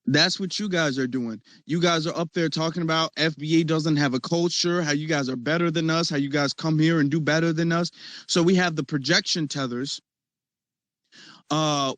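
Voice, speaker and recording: Man, host, fairly high voice, animated, mocking, dry close sound. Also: moderate pace, no echo. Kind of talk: casual discussion.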